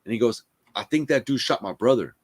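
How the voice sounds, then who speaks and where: A podcast host with a mid-range voice talks fairly quickly in a loose, casual chat. He tells stories in an animated, profane way and constantly throws in "bro" and "dude."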